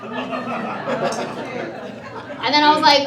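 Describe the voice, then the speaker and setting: A woman's voice: sits high, lively intonation, moderate pace. A woman in her thirties from Texas doing a chatty, sarcastic stand-up comedy set and laughing at her own jokes. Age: 30s. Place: comedy club in front of a live audience. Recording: roomy club sound from a distant mic, audience laughter. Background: crowd laughing and cheering.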